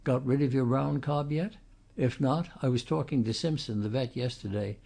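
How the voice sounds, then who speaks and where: A man voicing a cultured, coolly polite older gentleman who has come down in the world. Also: medium pitch, moderate pace, creaky. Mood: aloof.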